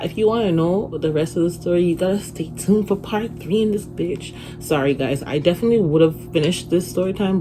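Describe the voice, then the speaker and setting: A young woman chatting through a storytime on her phone, profane and animated as she retells it. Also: sits low. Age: young adult. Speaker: vlogger. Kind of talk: casual storytime vlog. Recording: noisy phone recording with room ambience.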